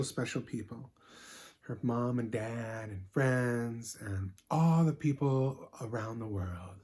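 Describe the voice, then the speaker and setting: A man's voice: mid-range voice, mellow. A man playing a bubbly, sweet-natured young woman who talks with constant 'like' fillers while telling a comedic story. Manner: ditzy, filler-heavy 'like' talk.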